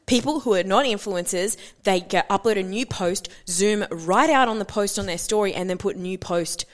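A woman's voice: medium pitch, moderate pace. A young Australian woman co-hosting a podcast, chatting casually and animatedly, swearing and laughing often. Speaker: podcast co-host. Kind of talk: casual chat.

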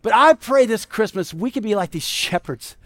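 A man's voice: high voice, moderate pace. A male pastor preaching a conversational sermon, telling stories and often asking "right?". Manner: conversational, animated storytelling with frequent "right?".

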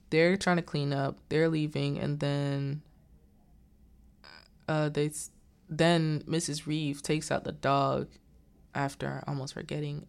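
A woman's voice: low-pitched, a little mellow, clear, resonant tone. A young woman casually recapping a film's plot, quoting the characters as she goes. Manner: retells the plot with quoted lines and filler "like". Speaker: movie reviewer.

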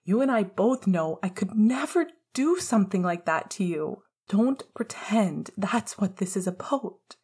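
A woman's voice: medium pitch, lively intonation, measured pace, hardly any pauses, a little mellow, slightly rough. A woman voicing a young man who pleads in a raw, desperate voice.

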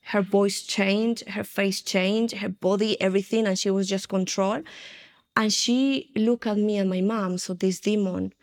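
Woman telling her story in a flat, earnest voice. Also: medium pitch, a little slow. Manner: earnest, recounting, frequent restarts. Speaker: interview guest sharing her testimony. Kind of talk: personal testimony.

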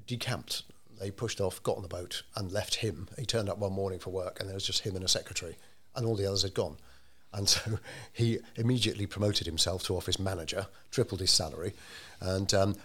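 A man telling a story in an interview, measured and unhurried, with frequent ums and restarts. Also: low-pitched, fairly bright tone. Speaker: interviewee telling local history. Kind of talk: conversational storytelling.

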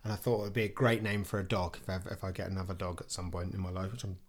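A man's voice: low-pitched, flat delivery, very fast. A man hosting a podcast in casual chat, joking and laughing often. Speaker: podcast host.

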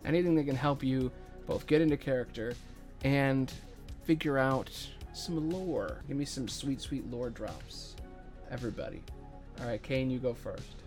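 A man's voice: medium pitch, moderate pace, a little mellow, faint music behind. A man running a tabletop game as game master, recapping the story casually and irreverently.

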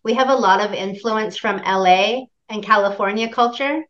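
A woman's voice: mid-range voice, moderate pace, a bit bright, highs cut off. A woman from Canada in her forties, chatting as an interview guest and laughing often. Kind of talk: casual interview chat.

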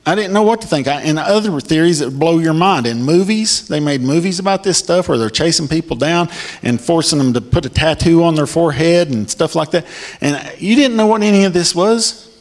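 Fervent male preacher, emphatic delivery. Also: brisk. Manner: emphatic, pitch swings high when excited. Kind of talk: sermon reading scripture with commentary.

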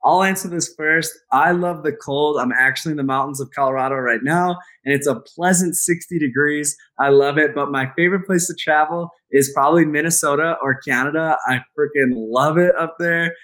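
A man with a fairly high voice co-hosting a podcast. He talks in an upbeat, enthusiastic way, reading listener questions and answering them. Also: normal speed, hardly any pauses, fairly bright tone. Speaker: co-host. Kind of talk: casual podcast chat.

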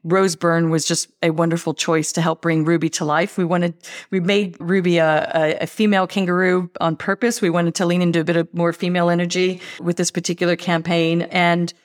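Brief: upbeat American woman executive, low-ish voice, chatty interview answers. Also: level tone, brisk. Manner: upbeat, enthusiastic, says "look" often. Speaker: tourism marketing executive.

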